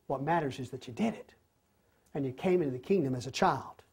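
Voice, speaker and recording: A man teaching a Bible study, retelling the story with animated, repeated emphatic phrases. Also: medium pitch, slightly rough. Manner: softer, slower closing prayer.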